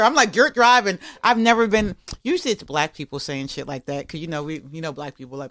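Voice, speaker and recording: A woman comedian guest telling stories in a casual podcast chat, animated and laughing often. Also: low voice, fast talker, hardly any pauses, dry recording, studio quality.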